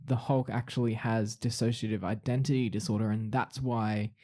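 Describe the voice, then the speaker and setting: A man's voice: fairly low pitch, fairly even intonation, dark tone. Easygoing male podcast co-host. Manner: easygoing, quick to laugh. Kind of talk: casual chat.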